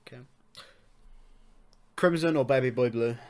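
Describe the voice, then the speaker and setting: A young man hosting a podcast in casual chat, loud, swearing and laughing often. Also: medium pitch, a little slow. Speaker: podcast host.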